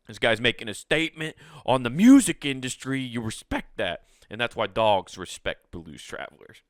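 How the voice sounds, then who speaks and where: A man's voice: medium pitch, very animated, measured pace, no echo, clean studio sound. A man hosting a solo podcast, talking in a rambling, jokey way, laughing often and swearing now and then. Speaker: podcast host. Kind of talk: casual solo podcast chat.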